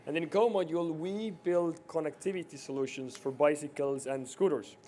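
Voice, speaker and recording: Man, startup pitch, warm dark tone, slightly high, faint room noise. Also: moderate pace. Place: conference stage.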